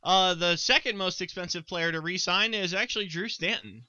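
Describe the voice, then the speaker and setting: A man co-hosting a casual sports podcast who rambles, stalls on ums and stammers through restarts. His voice is fairly high, very bright and smooth. It is recorded dry and close to the mic. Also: moderate pace, no echo. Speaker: podcast co-host.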